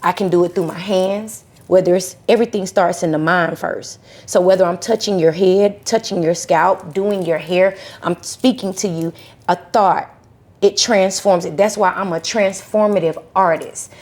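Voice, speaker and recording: A woman from Charlotte, North Carolina, a podcast guest telling her story in a lively, conversational way and acting out what people said. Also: on the low side, normal speed. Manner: animated, acts out voices in her stories.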